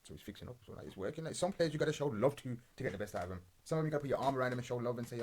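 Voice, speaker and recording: A man's voice: mid-range voice, animated, racing, a little mellow, slight background noise. A young man hosting a casual football podcast and reacting to match footage in blunt, rambling, sweary banter full of street slang. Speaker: podcast host. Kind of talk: casual football watch-along commentary.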